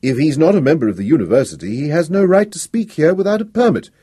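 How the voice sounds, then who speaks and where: A man reading an older professor who speaks with cool authority, polite but unbending, for a storybook reading. The voice has a husky edge and a lively, rising delivery, set close and dry. He addresses a crowd with measured, commanding formality. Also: a little high, dry recording, voice pushed up. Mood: firm. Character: aging male professor, calm, firm and authoritative.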